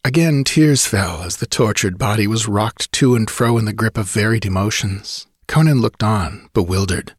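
A man narrating an audiobook in a measured, dramatic way. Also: on the low side, breathy edge, no echo, clean studio sound.

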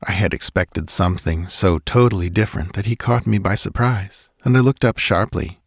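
A man narrating a literary story in the first person, measured and somber. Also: low voice, slightly rough, no room sound, studio quality. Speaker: audiobook narrator. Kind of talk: scripted narration of a literary tale.

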